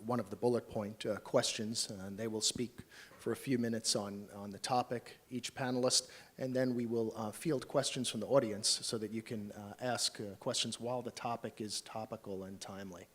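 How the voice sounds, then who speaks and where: An American man moderating a panel at a conference workshop, talking in a relaxed, chatty way with many fillers. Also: on the low side, normal speed.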